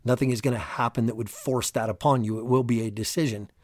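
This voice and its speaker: A man hosts a solo motivational podcast at a mid pitch, energetic and emphatic as he coaches. His voice sounds close and dry, with no room echo. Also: fast talker. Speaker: podcast host.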